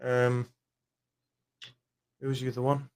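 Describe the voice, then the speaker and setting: A man's voice: medium pitch, completely flat delivery, slow pace. A young man, ranting angrily and swearing bluntly in a football fan vlog. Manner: angry, swears often, blunt.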